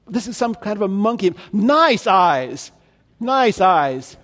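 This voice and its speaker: A man's voice: high-pitched, big pitch swings, slow, a bit bright, heavily acted. A man playfully voicing God as He parades the animals before Adam, bouncing through each one with exaggerated delight.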